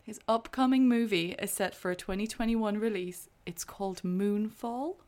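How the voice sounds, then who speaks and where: A woman's voice: medium pitch, moderate pace, darkish tone. A woman co-hosting a casual film chat, enthusiastic and sweary, eager to share fun facts. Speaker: podcast co-host. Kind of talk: casual chat about films.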